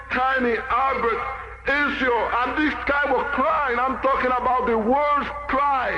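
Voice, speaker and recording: Impassioned high-voiced man giving testimony. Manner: impassioned, storytelling, acts out quotes. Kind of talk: emotional testimony sermon. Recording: echoey, muffled, noisy recording.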